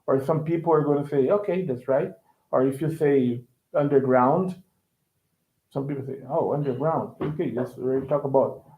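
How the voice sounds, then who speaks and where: A man's voice: medium pitch, moderate pace. Man teaching over a tinny call. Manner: explains with many restarts and checks for understanding. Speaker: English teacher. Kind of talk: online English lesson. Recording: echoey tinny online call.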